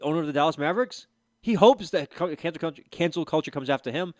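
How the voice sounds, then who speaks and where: A young man co-hosting a sports podcast, telling stories in animated, joking banter. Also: a little high, fast talker, dry recording, clean studio sound. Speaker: podcast co-host. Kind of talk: casual sports podcast chat.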